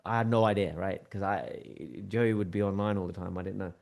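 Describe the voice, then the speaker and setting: A man, a podcast guest telling a lively anecdote in conversation and acting out the dialogue. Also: low-pitched, brisk, creaky. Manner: lively, acts out quoted dialogue with shifting tone.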